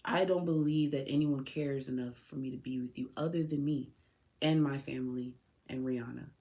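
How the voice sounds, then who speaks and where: A woman's voice: very deep voice, steady tone, normal speed, mellow. A woman podcast host speaking directly to her son, raw, tearful and heartfelt. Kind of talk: emotional personal address to her son.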